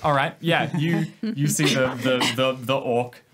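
A man narrating a tabletop heist game as game master, halting often with fillers and restarts. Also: medium pitch, crowd noise.

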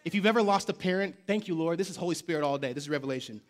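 A male pastor preaching a lively sermon in a church, shouting call-and-response lines and dropping slangy jokes and asides. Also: on the high side, racing. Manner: casual slangy asides and joking. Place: church sanctuary.

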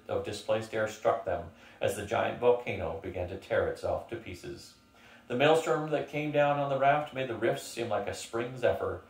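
Older male reader, steady storyteller. Roomy, distant mic. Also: lowish voice, gravelly. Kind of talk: reading a novel aloud.

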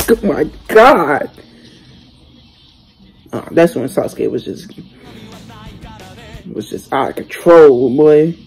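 A young man hosting a reaction video, talking casually and excitedly in slang, exclaiming and chatting as he watches. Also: a little high, slow, long pauses, slightly rough, soft background music, poor audio. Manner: exclamatory, slangy, keeps saying "bro".

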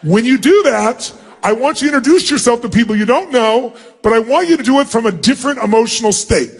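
A man leading a big seminar, loud and commanding, acting out quick little scenes for a large audience in an arena. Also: extremely high pitch, lively intonation, breathy edge. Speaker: motivational speaker.

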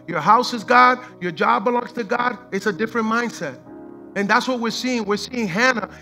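A high-pitched male pastor preaches a sermon with passion and casual slang, swinging between shouted declarations and hushed scripture reading, captured on poor audio.

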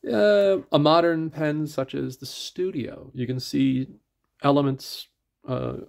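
A man's voice: fairly high pitch, takes it slowly, vocal fry, darkish tone. A middle-aged man with an Atlantic Canadian accent, reviewing a pen in a casual, rambling way full of fillers and restarts, sometimes drifting from the mic.

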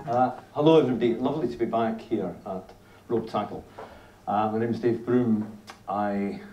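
A Glaswegian man in his fifties, speaking with a Scottish accent, gives a lively talk about whisky to a live audience, telling stories and repeating "you know". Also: on the low side, moderate pace, lo-fi sound, over loud music. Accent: Scottish (Glasgow). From Scotland (Glasgow). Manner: animated storyteller, lots of "you know", frequent restarts. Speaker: whisky writer giving a talk. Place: indoor venue at a tasting event. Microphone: filmed by a distant camera in the audience. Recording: roomy, distant camera audio, faint noise.

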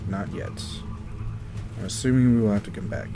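A man's voice: on the low side, steady tone, brisk, mellow, soft background music. A young man commentating a video game, ranting and swearing in exasperation as he plays. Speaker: let's play commentator. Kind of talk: frustrated gameplay commentary.

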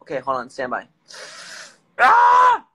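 A man's voice: on the high side, animated, normal speed, a bit bright. A young man hosting a live stream from his phone, hyper and joking as he reads viewer comments aloud. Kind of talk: casual live-stream chat.

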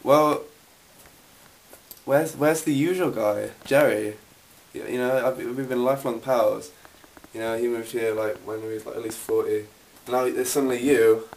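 A man's voice: mid-range voice, fairly even intonation, measured pace, pauses often. Stammering man at a bar. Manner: hesitant, stammering, bemused. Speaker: bar customer in a sketch. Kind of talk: amateur comedy sketch acting. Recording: roomy, distant camera mic, faint noise.

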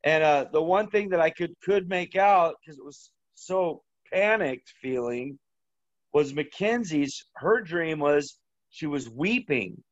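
A man telling a long, rambling story as an interview guest, halting and full of restarts. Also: a little high, animated, no echo, muffled recording. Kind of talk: casual storytelling.

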